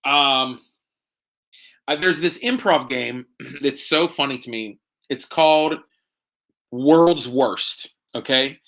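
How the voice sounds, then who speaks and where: A man's voice: medium pitch, slow, pauses often, a bit bright. A man hosting a casual live stream from home, tipsy from drinking, rambling and joking with lots of fillers. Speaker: host.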